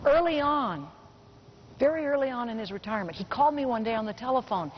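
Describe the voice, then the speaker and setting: A middle-aged woman giving a motivational keynote speech to a business audience, telling a personal story and slowing down to stress key points. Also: on the high side, expressive. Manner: personal storytelling, slows down for emphasis. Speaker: motivational speaker. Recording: muffled recording with faint hiss.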